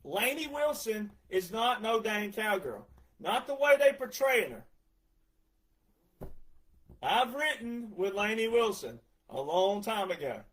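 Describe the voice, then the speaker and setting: A forty-something man with a drawl and a notably high voice, ranting in a heated, sarcastic monologue. He mocks his critics in put-on voices between angry outbursts. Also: very animated, slow pace, a bit bright, poor audio. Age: 40s. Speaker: retired veteran ranting about country music.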